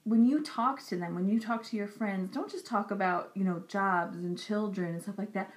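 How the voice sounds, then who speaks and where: A young woman talking earnestly and directly to camera in a personal vlog. She repeats herself for emphasis and sometimes drops into soft, whispery asides. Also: medium pitch, normal speed. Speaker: Christian vlogger. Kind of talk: personal encouraging talk to camera.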